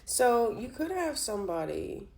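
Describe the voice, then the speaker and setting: A woman's voice: a little high, sing-song, unhurried, a little mellow. Giggly chatty woman reading tarot. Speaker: tarot reader. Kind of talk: casual tarot reading monologue.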